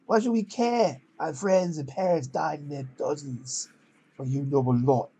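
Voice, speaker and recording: A man voicing a resentful, scarred teenage boy from a game, speaking up slowly and accusingly. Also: on the high side, warm tone, slightly rough. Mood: bitter.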